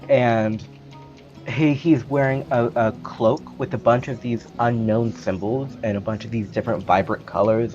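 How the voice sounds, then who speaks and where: A man's voice: medium pitch, lo-fi sound. A man describing his character as a player in a tabletop game, casual and a little hesitant.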